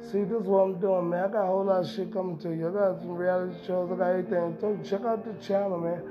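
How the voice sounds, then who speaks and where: Talking fast in a high, level-toned voice, a man hosts a podcast with a rambling, emphatic, profanity-laced casual monologue. The sound is dull and lo-fi, with music playing in the background.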